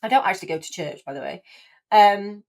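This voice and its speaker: A woman's voice: mid-range voice, a little fast, a little mellow. A woman in her forties tells her own story as a podcast guest. She talks in a loose, chatty way, restarting sentences and sprinkling in "like" and "you know", and she sounds openly emotional. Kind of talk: casual chat.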